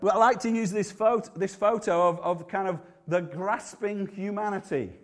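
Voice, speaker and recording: A man's voice: high-pitched, normal speed. A man with a Yorkshire accent preaching a sermon in a conversational, humorous way, often restarting his sentences.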